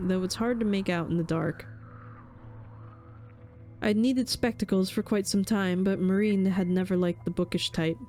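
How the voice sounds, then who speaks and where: A woman's voice: mid-range voice, mellow. A woman streamer reading a horror visual novel aloud in a somber, dramatic way, with casual asides.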